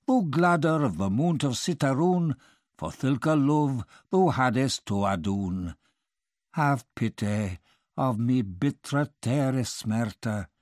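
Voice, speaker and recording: A man's voice: medium pitch, a little mellow, no room sound, clean studio sound. A man voicing a young knight praying to the goddess of love, reciting archaic verse in a solemn, pleading way. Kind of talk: reading medieval verse aloud.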